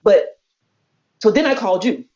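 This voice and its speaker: Her medium-pitched, slightly mellow voice swings widely in pitch at normal speed. She's a podcast co-host in an animated storytelling chat, voicing the people she quotes and laughing a lot, heard through muffled lo-fi podcast audio.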